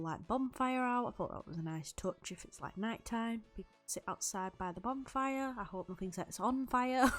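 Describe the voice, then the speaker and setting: A young woman chatting loosely over a game build, rambling and laughing often. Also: mid-range voice. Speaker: YouTube Sims builder. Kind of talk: recorded voiceover over gameplay.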